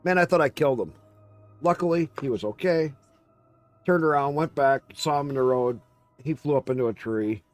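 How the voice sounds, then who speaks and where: A man streaming a game, telling a story in casual, animated chat and swearing freely. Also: on the high side, moderate pace, no echo, soft background music.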